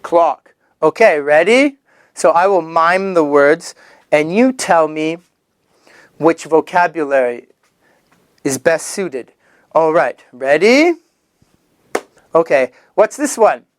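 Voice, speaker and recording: A man leads a children's English vocabulary lesson. His voice swoops up and down in a lively sing-song, and he speaks very slowly. Each word is stretched out and repeated on a close, dry mic. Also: fairly high pitch, no echo. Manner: animated, sing-song, drawn-out repetition of words.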